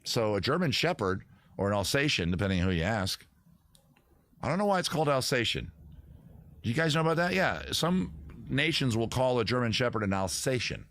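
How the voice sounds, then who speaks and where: A man hosting a casual live stream, rambling and joking at a close tabletop boom mic. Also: lively intonation, a little fast, a bit bright. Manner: rambling, jokey, self-interrupting. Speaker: host.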